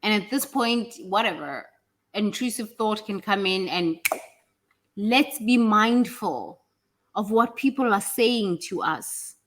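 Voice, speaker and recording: Woman, spiritual teacher type, animated and blunt, bright forceful tone. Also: medium pitch, slow. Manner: animated, blunt, swears freely, acts out other people's words. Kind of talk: casual motivational teaching talk.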